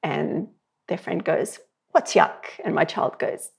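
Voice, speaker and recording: Husky, low-voiced woman. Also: a little slow. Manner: lively storyteller who acts out quoted voices. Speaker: parenting educator guest. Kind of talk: conversational podcast interview.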